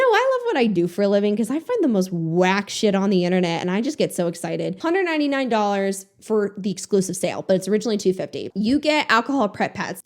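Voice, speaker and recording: A young woman giving casual reaction commentary on a beauty video channel, sarcastic and exasperated, swearing freely. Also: medium pitch.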